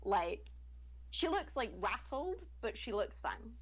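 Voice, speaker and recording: Slow, breezy woman at a tabletop game. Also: on the high side, sing-song, poor audio. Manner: breezy, laughing, brushing things off. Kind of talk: in-character tabletop play.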